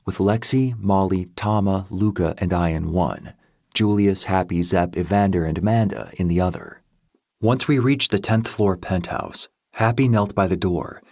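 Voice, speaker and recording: A man narrating a first-person dark romance audiobook in a steady, measured reading voice. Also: low voice, no echo, studio quality.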